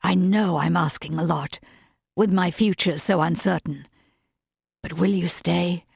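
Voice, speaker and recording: A humble, heartfelt gentleman suitor, read by a woman narrator pleads his case slowly and sincerely. The tone is soft and a little breathy, and the recording is close and dry. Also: fairly low pitch, no room sound, exaggerated voice. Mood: earnest. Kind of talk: audiobook narration.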